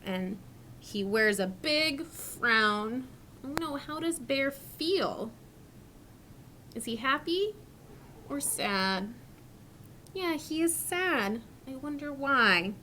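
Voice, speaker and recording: A woman teacher reading a story to young children, asking questions and modelling sounds slowly and clearly. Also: high-pitched, animated, bright, forceful tone, a little hiss or hum. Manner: slow, clearly articulated, questioning.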